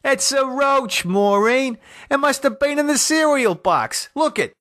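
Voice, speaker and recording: A man voicing a panicky, crude middle-aged husband in an audio horror story, shouting and swearing frantically. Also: extremely high pitch, expressive, unhurried, no echo, clean studio sound, pitched above the performer's own voice, exaggerated voice. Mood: frantic.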